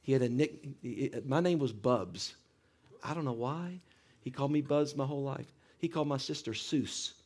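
A man telling a personal story in an earnest, halting way, with many restarts, moving between hushed moments and animated ones. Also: mid-range voice. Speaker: speaker sharing a personal story. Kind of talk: heartfelt spoken storytelling.

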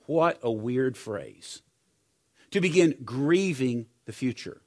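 A middle-aged man preaching a sermon to men in a conversational, personal storytelling way, swinging between loud and soft. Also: mid-range voice, expressive, takes it slowly.

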